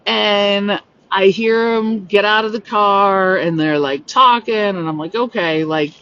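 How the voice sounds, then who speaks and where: A woman's voice: mid-range voice, takes it slowly. Rambling woman storyteller, slightly distant mic. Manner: rambling, animated, heavy use of "like". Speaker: podcast host. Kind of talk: casual storytelling monologue. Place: home on a rural homestead. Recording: distant, dull lo-fi mic with faint noise.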